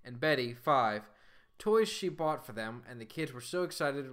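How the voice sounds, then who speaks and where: A man's voice: mid-range voice, animated, normal speed, a bit bright. A young man co-hosting a podcast, telling a true story in casual chat and laughing often as he goes. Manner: laughs often while telling, puts on voices for quotes.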